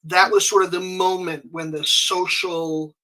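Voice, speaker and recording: A man guesting on a podcast who tells a story in a conversational way, animated and often restarting his sentences. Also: high-pitched, unhurried, poor audio. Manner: animated, frequent restarts and self-corrections.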